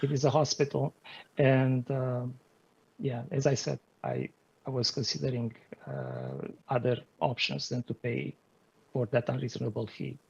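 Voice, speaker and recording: A man defending himself at a hearing, talking in a halting, hesitant, polite way over a video call. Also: mid-range voice, fairly even intonation, gravelly, a little mellow, slightly rough, lo-fi sound. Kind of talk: hearing testimony.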